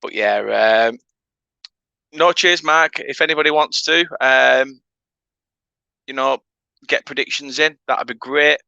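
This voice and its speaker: A man's voice: medium pitch, takes it slowly, creaky, pauses often, sharp tone, clean tone, no room sound, highs cut off. Chatty English man hosting a livestream. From England. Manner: chatty, reads out viewer comments. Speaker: livestream host. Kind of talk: casual live watchalong chat.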